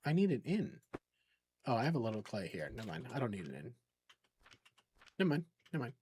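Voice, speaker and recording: A man's voice: mid-range voice, big pitch swings, a little fast, pauses often, a little mellow, slightly rough. A man live-streaming a game, chatting casually and rambling, swearing when the game frustrates him. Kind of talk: casual live-stream chat while gaming.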